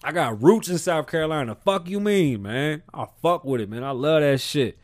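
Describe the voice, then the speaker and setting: A man's voice: fairly high pitch, lively intonation, normal speed, no echo, clean studio sound. A man hosting his own podcast, rambling through a profane, slangy casual monologue. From South Bronx, New York. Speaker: podcast host.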